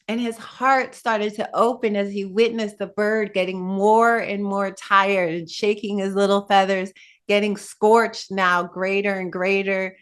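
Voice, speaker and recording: Speaking a little slowly at a medium pitch, a meditation teacher animatedly recounts a Buddhist tale in her dharma talk, pausing for asides to those listening.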